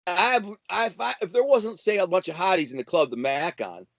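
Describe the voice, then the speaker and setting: A man from Detroit with a notably high voice spins swaggering stories as a guest, talking casually and bursting into animated, profane asides. The sound is close and dry, with no room around it. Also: normal speed, vocal fry, dry recording. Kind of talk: casual storytelling.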